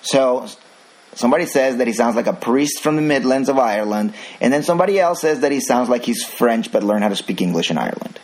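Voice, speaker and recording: A man with a husky, breathy voice and mid-range pitch hosts a casual podcast chat. He rambles with frequent restarts and voices strong opinions. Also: lively intonation, fast, low-quality recording. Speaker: podcast host.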